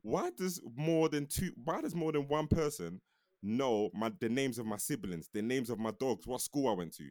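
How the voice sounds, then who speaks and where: A man's voice: medium pitch, expressive, moderate pace, a little mellow, dry recording, clean studio sound. A man co-hosting a casual debate, arguing his point and calling people "bro". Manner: argumentative, calls others "bro".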